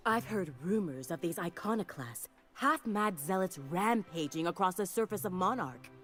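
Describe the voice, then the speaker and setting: A woman's voice: on the low side, lively intonation, normal speed, fairly bright tone, soft background music. A woman voicing a flamboyant fashion designer in a video game, theatrical and doting, full of endearments. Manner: grandiose, theatrical, showering people with endearments. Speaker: game character.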